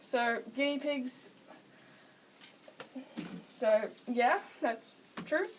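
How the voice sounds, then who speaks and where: A teenage girl with a high voice rambles through a casual how-to, stopping to correct herself and adding quick giggly asides. She sounds set back from the microphone, with a faint hiss of background noise underneath. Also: distant mic, rough recording. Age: late teens. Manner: chatty, self-interrupting, giggly asides. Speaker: vlogger explaining pet training.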